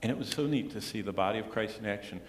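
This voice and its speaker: A male pastor delivers an earnest sermon in a big church sanctuary, his voice ringing with a long, roomy reverb. He swings between firm declarations and low, hushed emphasis, with a faint murmur of the room behind him. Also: quick pace, a little hiss or hum. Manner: earnest preaching, dropping to hushed tones for emphasis.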